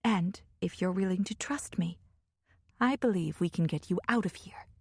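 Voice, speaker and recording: Woman narrator doing a sly, throaty older noblewoman in a fantasy audiobook, dry and in control, speaking low in a dry booth. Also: moderate pace, creaky, breathy edge, dry recording. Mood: hushed. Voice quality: low throaty laugh, soft regional lilt.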